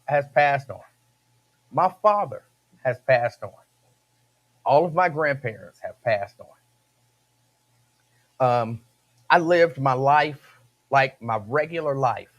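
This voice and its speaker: A man hosting a radio show, talking casually and emphatically, repeating his phrases and laughing between points. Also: medium pitch. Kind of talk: casual talk-radio monologue.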